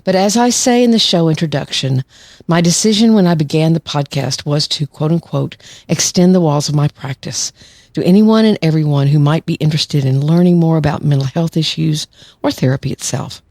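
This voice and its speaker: A woman's voice: deep voice, a little fast, a little mellow, no echo, studio quality. A woman in her sixties, a psychologist who hosts a podcast, speaking in a chatty monologue with light laughs. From United States. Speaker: podcast host, clinical psychologist.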